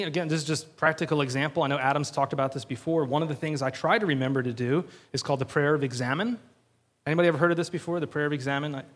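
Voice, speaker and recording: A man delivers a sermon in a loose, conversational storytelling manner. His voice sits a bit high for a man. He peppers his talk with fillers and briefly acts out what people say. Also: fairly bright tone. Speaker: pastor.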